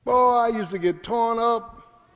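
Middle-aged male pastor from Philadelphia, high lively voice, shouting sermon in a reverberant church. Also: measured pace. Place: church sanctuary.

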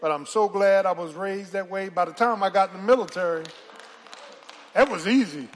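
An older woman preaching a sermon, telling folksy stories and calling out to the congregation, dropping to hushed asides and rising to shouts. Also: mid-range voice, normal speed, a faint crowd. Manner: dramatic swings from hushed asides to shouted exclamations; folksy storytelling with call-and-response to the congregation.

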